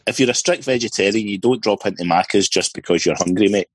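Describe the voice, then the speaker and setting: A man on a football podcast panel, blunt and deadpan, running a quiz. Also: lowish voice, quick pace, slightly rough, no room sound, low-quality recording. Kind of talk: casual panel chat.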